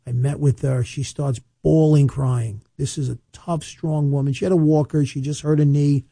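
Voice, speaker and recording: Deep-toned, dry-voiced New lawyer. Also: male voice, fairly even intonation, creaky, dark tone, dry recording. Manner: chatty, storytelling with quick asides and repetitions; emphatic, slows down to stress points. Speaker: estate planning attorney. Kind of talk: casual advice monologue to camera.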